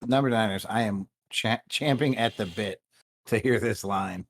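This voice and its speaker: A man's voice: on the low side, normal speed. Teasing podcast co-host man. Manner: teasing, reads articles aloud. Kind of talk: casual podcast chat.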